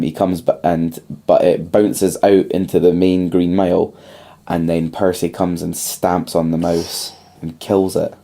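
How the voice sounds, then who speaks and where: Low gravelly young man retelling a film plot. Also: warm tone. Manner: retells a film plot at length with many ums. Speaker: podcast co-host. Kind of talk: casual film chat.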